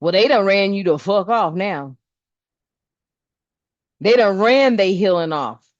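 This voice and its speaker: A woman doing a spiritual reading in a casual vlog, talking bluntly with lots of swearing and lively storytelling. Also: medium pitch, slow pace, no room sound. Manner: blunt, profane, animated storytelling. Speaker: spiritual reader. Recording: dull, dry sound.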